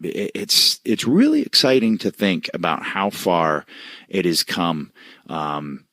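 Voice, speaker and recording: A man with a low-pitched voice chatting as a podcast co-host. He wanders through his points loosely, full of ums and restarts. The sound is close and dry. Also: very animated, takes it slowly, fairly bright tone, no room sound. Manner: rambling, loose, full of fillers. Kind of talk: casual wrestling talk.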